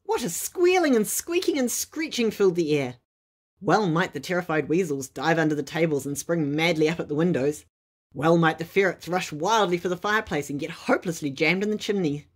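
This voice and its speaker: Woman storyteller, bedtime story narration, lively animated delivery, slightly husky, fairly low. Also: brisk.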